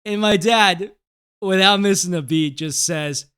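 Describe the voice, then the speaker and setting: Smooth-voiced man talking casually. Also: sits high, unhurried, a bit bright. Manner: rambling, filler-heavy and profane, often laughing. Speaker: crypto news show host. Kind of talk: casual commentary and storytelling.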